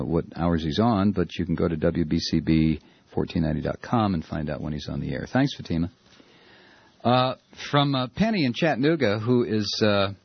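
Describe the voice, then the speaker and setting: A man hosts a talk radio show and reads listener mail aloud. His voice is low and husky, full of uh's and restarts. The sound is muffled and dry, like an old broadcast. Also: no echo. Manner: hesitant, many uh fillers and restarts. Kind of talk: casual radio talk, reading listener emails.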